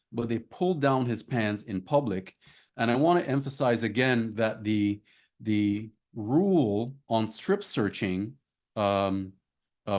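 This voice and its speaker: A middle-aged man with a Canadian accent giving an academic lecture, measured and emphatic on figures, with frequent ums. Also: fairly low pitch, darkish tone. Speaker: academic speaker.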